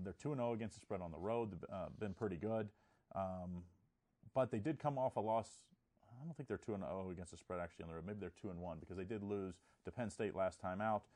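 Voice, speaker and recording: A man's voice: fairly low pitch, dark tone. A man giving sports betting picks in casual chat, often restarting his words.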